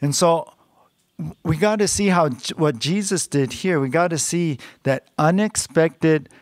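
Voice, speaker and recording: A man's voice: on the high side, a little slow, dry recording, studio quality. A man preaching a sermon in a conversational way, often adding "you know" and small laughs. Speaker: pastor.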